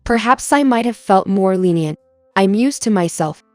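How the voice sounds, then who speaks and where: A woman narrates a scripted first-person story in an even, steady manner. Her voice sits at middle pitch. The recording is dry, with faint music underneath. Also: moderate pace, no echo.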